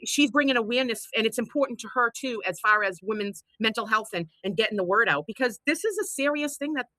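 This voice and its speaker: A woman's voice: on the high side, lively intonation, quick pace, bright, forceful tone, no echo, low-quality recording. A woman, chatting bluntly and telling stories as a show host. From Boston. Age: 50s. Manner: chatty storyteller, blunt and profane. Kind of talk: casual chat on a livestream.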